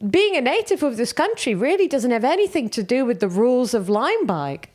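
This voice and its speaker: Here she sounds high-voiced and fairly quick, with slight noise in the background. She's a Dutch comedian in her thirties co-hosting a casual podcast, spinning lively stories and laughing frequently.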